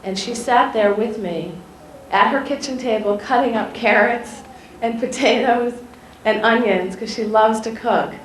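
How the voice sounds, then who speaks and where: A woman journalist telling schoolchildren a personal story in an animated way, often asking them questions directly. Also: a little high, a little slow. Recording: echoey room, faint ambient noise.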